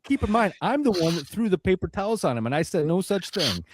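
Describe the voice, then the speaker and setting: A man's voice: sits high, big pitch swings, fast talker, very noisy. A man hosting a podcast, telling a long funny story in a casual way, laughing often and swearing freely. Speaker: podcast host.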